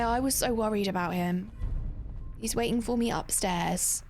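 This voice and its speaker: A woman's voice: fairly high pitch, animated, moderate pace, slight background noise. A British woman streaming a video game live, chatting animatedly and laughing with her viewers. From Britain. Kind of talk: live gameplay commentary.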